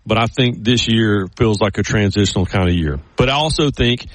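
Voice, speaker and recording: A man's voice: on the low side, fairly quick, no echo. Man telling rambling stories, dry sound. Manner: rambling storyteller with many restarts. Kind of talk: casual chat.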